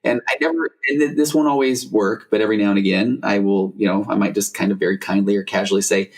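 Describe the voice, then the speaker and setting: Deep-voiced man hosting a podcast. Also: steady tone, quick pace. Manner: rambling, self-interrupting, frequent fillers. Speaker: podcast host and therapist. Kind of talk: casual conversational interview.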